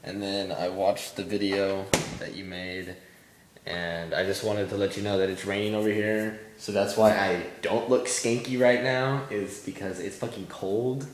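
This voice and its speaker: A man's voice: fairly low pitch, steady tone, a little slow, reverberant. A young man who has just woken up, rambling and swearing through a casual video message to his girlfriend from his room. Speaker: vlogger. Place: room at home.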